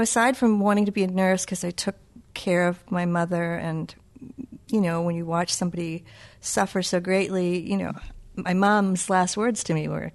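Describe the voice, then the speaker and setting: A middle-aged woman with a Boston accent chats in an interview as a children's book author. She talks in a playful, self-mocking way and tells stories with animation. Her voice sits a little on the low side. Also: gravelly, a little mellow. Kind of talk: casual interview.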